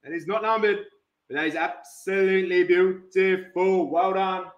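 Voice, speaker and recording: A young man giving hyped, swearing commentary while opening trading card packs, shouting at big pulls. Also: high-pitched, fairly even intonation, moderate pace, lo-fi sound. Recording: roomy echo.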